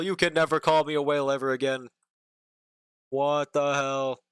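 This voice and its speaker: Male streamer, higher voice, dry close sound, chatty and profane, hums while drawing. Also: fairly quick, a bit bright, clear, resonant tone, dry recording. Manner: joking, profane, hums to himself. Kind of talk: casual live-stream chat while drawing.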